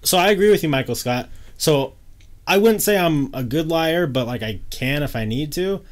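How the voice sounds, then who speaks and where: A young man, a podcast co-host, tells stories in relaxed casual chat, full of fillers and acted-out quotes. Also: on the high side, normal speed. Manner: relaxed, filler-heavy, acts out quoted voices.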